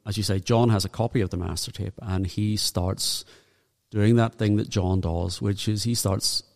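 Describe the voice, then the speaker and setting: A man's voice: fairly low pitch, steady tone, normal speed, gravelly, a little mellow. Man, Northern Irish accent, podcast co-host, casual fact-heavy chat, long echoing reverb. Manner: chatty, reels off dates and facts.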